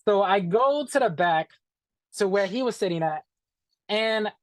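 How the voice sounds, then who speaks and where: A man telling a story as an interview guest, animated and profane, acting out what people said and calling the listener "bro". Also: high voice, measured pace, no room sound. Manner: animated, profane, acts out quoted dialogue, says "bro". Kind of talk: casual storytelling.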